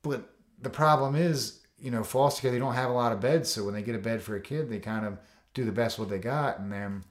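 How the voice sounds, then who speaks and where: A male coach and foster dad, a guest on a podcast interview, tells casual stories in a mid-pitched voice, a little fast, in a roomy, echoey space. He's loose and rambling, full of "you know" and "like," and acts out the quotes.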